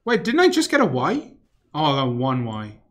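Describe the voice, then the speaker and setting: A young man live-streams a game, rambling casually, swearing freely and muttering or humming to himself as he plays. His voice is a little high and fairly bright, with huge pitch swings and a moderate pace.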